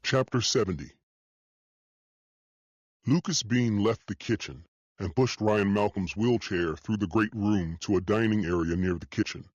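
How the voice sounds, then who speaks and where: A man narrating an audiobook in the first person, steady and measured. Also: fairly low pitch, no room sound, lo-fi sound.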